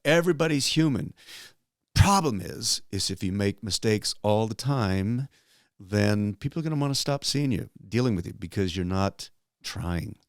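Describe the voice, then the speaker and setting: Animated older man telling stories. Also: normal speed, no room sound, clean studio sound. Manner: animated storyteller, jumps into high excited voices for quoted people. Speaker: guest entertainer. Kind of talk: relaxed storytelling in a podcast interview.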